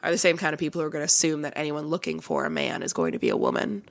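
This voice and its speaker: A woman's voice: low-pitched, huge pitch swings, very fast, vocal fry. A woman co-hosting a comedy podcast, chatting casually and joking, laughing often. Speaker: podcast co-host.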